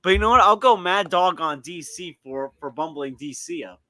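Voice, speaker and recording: Animated, stammering young-sounding man. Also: on the high side, moderate pace. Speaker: guest, streamer and school counselor. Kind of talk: casual chat.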